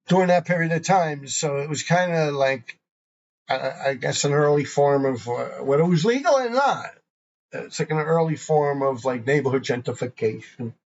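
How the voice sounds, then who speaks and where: A man with a fairly high-pitched voice hosts a graffiti show, telling rambling, profane stories casually and laughing often. The recording has its highs cut off.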